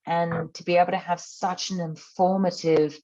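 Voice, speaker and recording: A woman hosting a podcast, chatting in an encouraging, measured way. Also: on the low side, flat delivery, warm tone. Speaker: podcast host. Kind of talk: casual podcast chat. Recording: muffled lo-fi audio.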